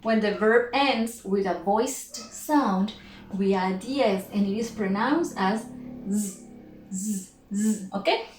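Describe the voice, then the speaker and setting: A woman teaching English pronunciation, repeating each word and sound slowly and carefully. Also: medium pitch. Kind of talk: pronunciation lesson. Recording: echoey room, faint noise.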